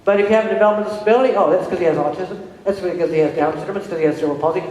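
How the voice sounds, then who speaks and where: A middle-aged woman and parent giving a conference presentation to an audience, telling stories conversationally and checking in with the room. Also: mid-range voice. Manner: animated storytelling with quick restarts. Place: large hall with an audience. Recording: very echoey hall with long reverb.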